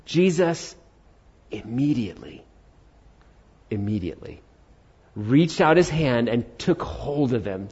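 Male pastor, conversational sermon, husky voice, muffled audio. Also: mid-range voice, moderate pace, darkish tone. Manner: conversational preaching, acts out quotes.

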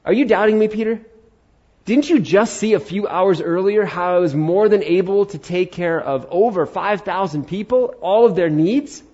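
A man's voice: high voice, normal speed, warm tone, dull audio, pitched above the performer's own voice. A man voicing an impatient, scolding grown man who taunts a doubter with sarcastic, mocking questions.

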